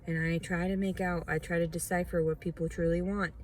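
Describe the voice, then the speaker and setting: A woman recording a confessional video diary, venting raw distress with repeated phrases and swinging between low murmurs, whispers and sharp outbursts. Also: flat delivery, a little fast, slight background noise, poor audio. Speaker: vlogger.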